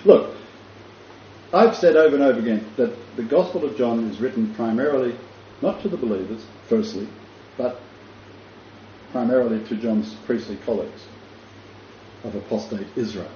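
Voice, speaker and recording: A man's voice: medium pitch, normal speed, pauses often. A man teaching a sermon, telling the story vividly with frequent restarts and chuckles. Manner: imaginative, rambling with restarts and chuckles. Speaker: Bible teacher. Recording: dull echoey room with faint noise.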